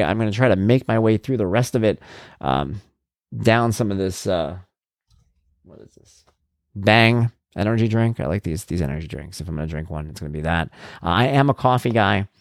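A man's voice: on the low side, a little fast, no echo, clean studio sound. A middle-aged man and parent, a podcast host telling casual stories in a monologue and acting out the voices of people he quotes. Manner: animated, acts out quoted voices.

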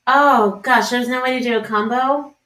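A woman guest on a podcast telling a funny personal story in an animated way. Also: fairly high pitch, moderate pace, echoey room. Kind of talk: casual storytelling.

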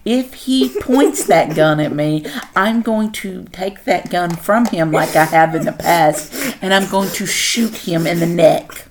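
A woman's voice: on the low side, unhurried, hardly any pauses, a little hiss or hum. A middle-aged woman hosting a casual podcast chat at home with her son, teasing and laughing. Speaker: podcast host.

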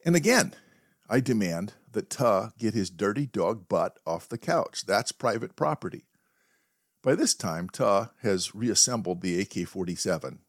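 Wry low-voiced man telling a story. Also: no room sound, studio quality. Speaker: podcast host. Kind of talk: storytelling monologue.

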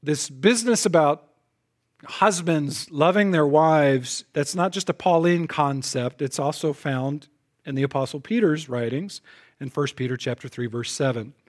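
A man preaching a sermon as pastor. He is emphatic, often repeats words as he starts a phrase, and swings between loud punches and soft, lowered asides. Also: a little slow.

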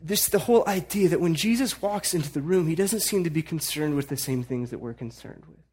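A man preaching a sermon in a conversational way, at times building to emphatic urging. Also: on the high side. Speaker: pastor.

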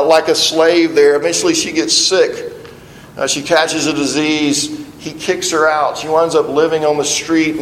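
A man's voice: on the high side, reverberant, in a large hall, a little hiss or hum, poor audio. A middle-aged man preaching an earnest sermon as pastor, often restarting and repeating words.

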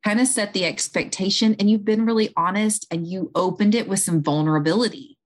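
A woman speaking as an interview guest, calmly explaining and talking through everyday examples. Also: medium pitch, a little fast, hardly any pauses. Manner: calm, explanatory, talks listeners through examples. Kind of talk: conversational advice.

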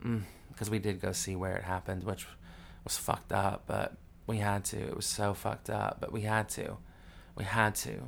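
Grieving man, low-voiced podcast host, profane and candid, swings between hushed and loud. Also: normal speed, creaky, a little hiss or hum. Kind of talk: raw emotional storytelling.

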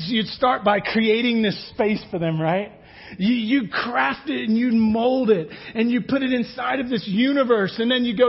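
A man preaching a sermon as pastor, animated, acting out quotes and dropping to hushed tones. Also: sits high, husky, dull audio.

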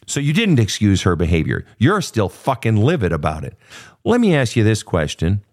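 A man's voice: on the low side, wildly swooping pitch, normal speed. A man coaching a guest through her family history, blunt and profane, pressing her with repeated pointed questions. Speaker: host. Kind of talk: confrontational coaching session.

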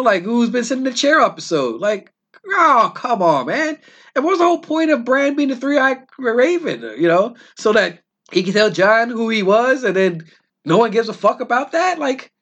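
Animated man ranting casually. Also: extremely high pitch, husky. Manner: animated, profane, exasperated, quick asides. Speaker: self-published author reviewing a TV finale. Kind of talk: casual rant.

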